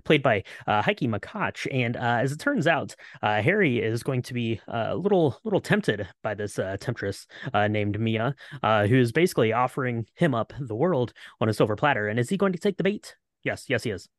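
Guy on a podcast rambling thru a movie recap, mid pitch, dry close sound. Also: big pitch swings, moderate pace, dry recording. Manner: rambling, many fillers and restarts. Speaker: podcast co-host. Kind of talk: casual movie and cocktail chat.

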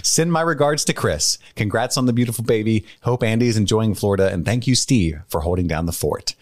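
On the low side and fairly quick, this co-host's voice comes through clean studio audio with no echo. He reads listener emails aloud and chats loosely, swearing easily, with earnest moments when he speaks from the heart.

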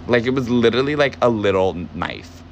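A man's voice: mid-range voice, expressive, fairly quick, creaky, muffled recording, a little hiss or hum. A young man telling a story in a casual, agitated way, cursing often for emphasis. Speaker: podcast host, former barista.

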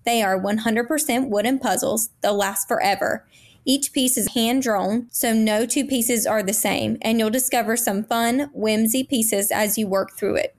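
A woman delivers a sponsor spot for a podcast with eager, selling enthusiasm. Her voice sits a little high. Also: moderate pace. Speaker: ad reader. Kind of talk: upbeat sponsor read.

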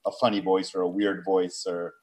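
A man's voice: deep voice, flat delivery, moderate pace, a little mellow, low-quality recording. A man in a casual panel chat who talks at length in long, thoughtful run-on turns.

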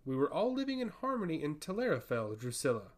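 A man voicing a proud high priestess who talks in a curt, indignant, sharply questioning way. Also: huge pitch swings, quick pace. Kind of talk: audiobook fantasy reading.

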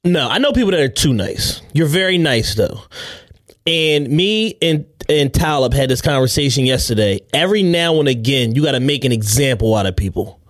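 A young man with a lively, swinging voice riffs as a podcast co-host. His humor is dry and profane, and his jokes come fast. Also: medium pitch. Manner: wry, profane, quick comebacks. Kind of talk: casual chat.

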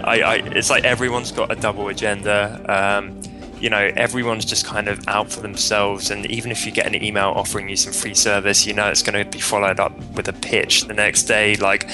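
A man with a British accent giving a casual testimonial, laid-back and quick to laugh, with plenty of "like". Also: fairly low pitch. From Britain. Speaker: guest in a testimonial.

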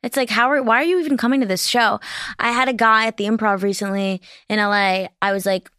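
A woman's voice: fairly high pitch, steady tone, fast talker, a bit bright, smooth, no echo, studio quality. A woman comedian hosting a podcast, talking frankly and profanely and asking her guest questions. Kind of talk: casual podcast chat.

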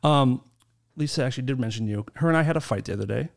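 A man's voice: medium pitch, fast, creaky. A man hosting a podcast in casual banter, joking and crude with his guests. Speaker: podcast host.

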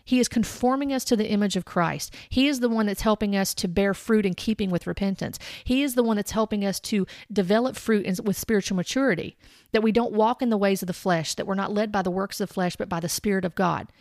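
This Christian commentator speaks quickly in a medium, slightly mellow voice, giving earnest and corrective commentary on the Bible with chapter-and-verse citations. She talks straight to her viewers, and the studio recording is clean with no echo.

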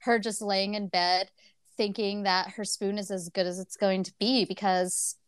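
Young adult female co-host, loose and expressive, quick to laugh and curse, close dry mic. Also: mid-range voice, smooth, no echo. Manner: animated, swears often, laughs a lot. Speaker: podcast co-host. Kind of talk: casual book club chat.

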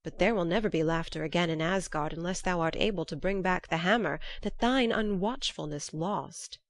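A woman's voice: on the low side, normal speed, no room sound, clean studio sound, lightly acted. A woman voicing a cunning, mocking male trickster god in a storybook reading. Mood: sly. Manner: sly, mocking.

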